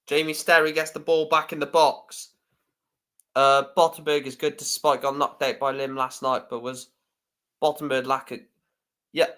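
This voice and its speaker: A man's voice: a little high, little pitch movement, moderate pace, sharp tone. A man hosting a live stream, giving chatty fan commentary on a football match and swearing freely.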